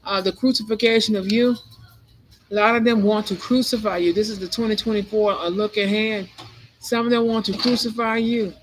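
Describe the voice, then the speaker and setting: A man's voice: high voice, fairly bright tone, poor audio. A man giving a spiritual tarot reading monologue, rambling and emphatic, repeating phrases again and again. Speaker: tarot reader.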